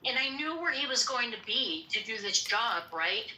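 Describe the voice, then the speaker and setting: A woman's voice: medium pitch, a little fast, hardly any pauses. A woman in casual chat, telling a story and acting out the quotes. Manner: animated storyteller, acts out quotes. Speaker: participant in a social audio chat room. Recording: echoey room with faint noise.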